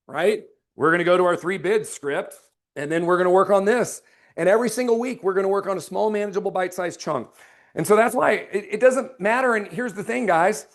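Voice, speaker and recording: Man coaching sales, low serious pitches. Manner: drops to a slow, low, serious tone for the close; energetic and emphatic when coaching. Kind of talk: sales training with role-played pitches.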